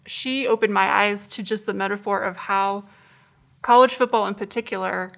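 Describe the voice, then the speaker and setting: A woman's voice: medium pitch, steady tone, normal speed, vocal fry. A woman joining an interview, reflecting and explaining her point thoughtfully. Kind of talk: conversational interview.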